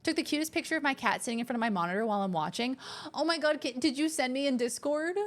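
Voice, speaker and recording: A woman's voice: sits high, rapid-fire, hardly any pauses. Bubbly chatty woman streamer. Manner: bubbly, chatty, thanks viewers often. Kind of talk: casual live-stream chat.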